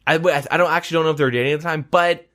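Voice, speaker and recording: A man's voice: a little high, fairly even intonation, rapid-fire, a bit bright. A man hosting a podcast in casual chat, rambling with lots of fillers and casual swearing. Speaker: podcast host.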